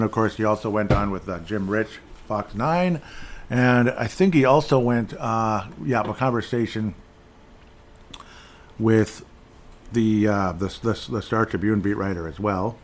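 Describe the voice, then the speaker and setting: A man with a fairly low voice hosts a casual solo podcast. He talks loosely, drifting into asides and filler words, with an eager fan's enthusiasm. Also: moderate pace. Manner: enthusiastic fan talk. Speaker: podcast host.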